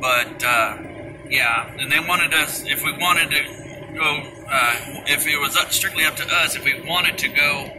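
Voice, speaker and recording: A man's voice: fairly high pitch, unhurried. Folksy man with road noise. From Kentucky, USA. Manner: hesitant, full of restarts, folksy. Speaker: driver on a family trip. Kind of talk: casual explaining to camera. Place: car and outdoors. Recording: strong road and outdoor noise.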